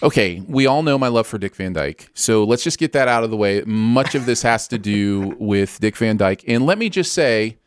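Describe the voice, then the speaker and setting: A man's voice: lowish voice, animated, moderate pace, hardly any pauses, clean tone, no echo. A man hosting a casual podcast chat about favourite films, talking enthusiastically. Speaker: podcast host.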